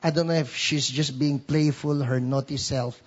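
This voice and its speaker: A man with a Filipino accent preaching a sermon as pastor, telling a story in an animated way. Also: medium pitch, moderate pace, husky, dull audio. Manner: storytelling, animated, code-switching.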